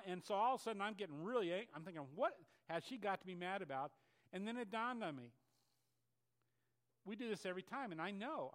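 An older male pastor preaching a sermon in a conversational, animated way, with frequent restarts and asides. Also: high-pitched.

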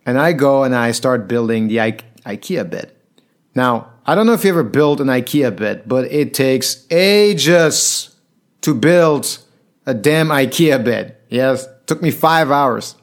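A man's voice: mid-range voice, lively intonation, unhurried. Earnest man telling a personal story. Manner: earnest, reflective. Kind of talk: personal story told to an audience.

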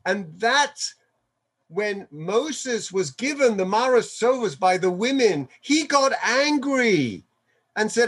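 A man's voice: high-pitched, very animated, takes it slowly, fairly bright tone. A man giving a Torah sermon as a rabbi, weaving in Hebrew quotations and chuckling often as he explains.

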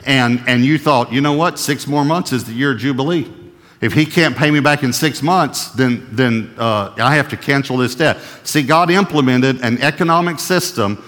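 A male pastor preaching a sermon with emphasis, who slows right down to read scripture and keeps checking with his audience. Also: mid-range voice, a bit bright, long reverb tail.

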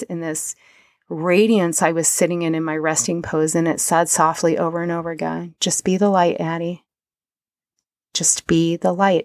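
A woman's voice: deep voice, dry recording. A woman hosting a podcast, talking earnestly and emotionally about a personal experience, at moments close to tears. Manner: soft, earnest and emotional, at times near tears. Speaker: podcast host. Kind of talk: personal reflective monologue.

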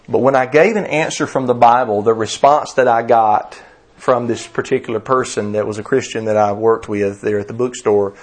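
With a lowish voice, this man in his thirties preaches in a conversational style, weaving in stories and rhetorical questions. He frequently starts his phrases over.

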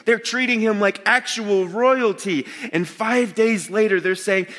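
A man preaching a sermon to a live congregation in a conversational, animated way, with expressive groans of disgust and quick voiced asides. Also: in a large hall. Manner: conversational and animated, acting out quotes with sharp pitch jumps.

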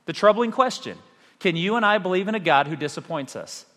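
Male pastor, animated sermon delivery with dramatic pauses; long hall reverb. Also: high-pitched. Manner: animated preaching with rhetorical questions and dramatic pauses.

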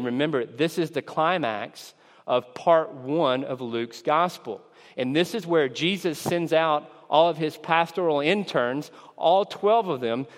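Slow-preaching man in a reverberant hall. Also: mid-range voice. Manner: acts out disciples' lines in raised, excited voice; earnest, measured preaching with emphatic stresses. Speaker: pastor. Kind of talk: sermon.

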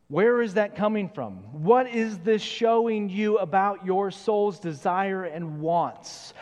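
A man preaches a sermon in a fairly high voice, earnest and searching as he puts question after question to the congregation. His words ring out with the long reverb of a church hall. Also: a little mellow. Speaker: pastor.

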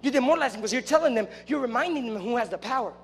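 A young man with a very high voice preaches to a youth group in a casual, joking way, now and then shouting with excitement. His voice rings with long reverb in a large hall, with faint music underneath. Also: racing, slightly rough. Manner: playful, joking, bursts into loud excited shouts.

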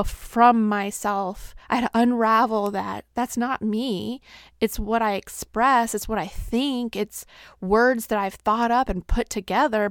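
A woman's voice: medium pitch, fairly bright tone, clean tone, no echo, studio quality. A woman hosting a podcast, candidly telling personal stories and acting out what people said. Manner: candid storyteller, acts out quotes with bursts of speed. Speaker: podcast host. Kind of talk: personal reflective talk.

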